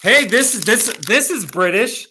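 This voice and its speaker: A high, pushed and bright voice belongs to a middle-aged American man livestreaming casually from Colorado. He speaks expressively and a little slowly, laughing often as he reads comments and chats with viewers by name, with slight background noise behind him.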